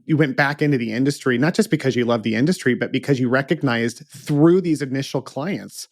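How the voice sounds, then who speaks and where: A middle-aged man hosting a podcast interview, speaking casually and emphatically, quick to agree with his guest. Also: medium pitch, dry recording, clean studio sound. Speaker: podcast host.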